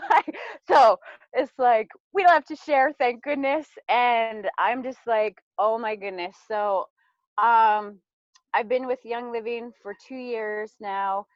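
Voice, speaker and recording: A woman in her thirties tells her own story in a chatty, rambling way, packed with "like" and acted-out lines of what she was thinking back then. Her voice sits a little high. The recording is dry and somewhat dull, as if the top end were cut off. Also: slow pace, no room sound. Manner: chatty, many "like"s, acts out her own past thoughts. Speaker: mother sharing a personal testimony. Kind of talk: casual personal testimony.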